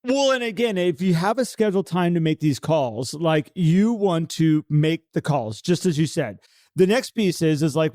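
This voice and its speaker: A man co-hosting a podcast in casual conversation, animated and acting out the voices he quotes. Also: fairly high pitch, normal speed, dry recording, studio quality. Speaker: podcast co-host.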